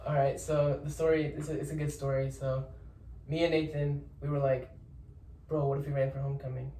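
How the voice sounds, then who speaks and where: A young man, a podcast guest, telling a story in casual chat. He rambles, repeats words and gives lots of shout-outs. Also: mid-range voice, little pitch movement, a little fast. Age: young adult. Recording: roomy echo, distant mic, faint noise.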